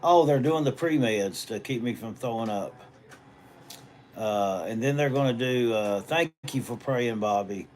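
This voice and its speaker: A man's voice: mid-range voice, measured pace, a little mellow, a little hiss or hum. A middle-aged man with a Southern US accent, chatting casually and rambling in folksy country talk as he reads viewer comments on a phone livestream from a hospital treatment room. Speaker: livestream host and auctioneer.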